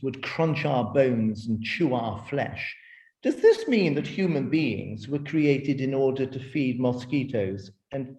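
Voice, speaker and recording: A man voicing an indignant ten-year-old boy who loudly scoffs at the adults around him. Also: medium pitch, roomy sound. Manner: loud, scornful, emphatic.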